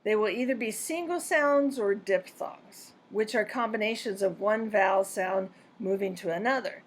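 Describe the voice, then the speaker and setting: Woman, lesson narrator, measured and precise, mid-pitched voice. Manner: clear, deliberate, measured delivery. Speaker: pronunciation teacher. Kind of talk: scripted instructional narration.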